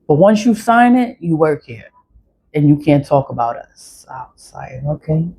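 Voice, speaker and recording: Defiant woman vlogger, slightly low voice, blunt and profane, loops her phrases. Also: very animated, a little slow, mellow, breathy edge. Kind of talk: ranting monologue to camera.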